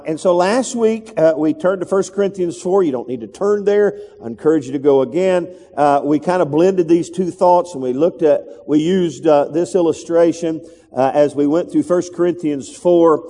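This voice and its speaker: A male pastor preaching a sermon, getting the congregation to repeat phrases back and jumping into high-pitched voices when he acts out a scene. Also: warm tone, long reverb tail.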